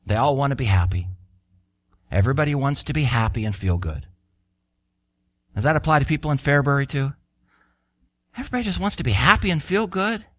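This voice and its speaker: A man preaching a sermon, animated and full of rhetorical questions, acting out the voices he quotes. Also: mid-range voice, fairly quick, pauses often, no echo.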